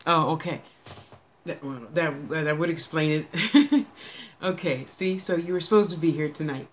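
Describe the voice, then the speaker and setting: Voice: mid-range voice, a little slow. A psychic medium doing a casual live reading, chatting aloud with spirits in a folksy, bossy manner and stretching words out.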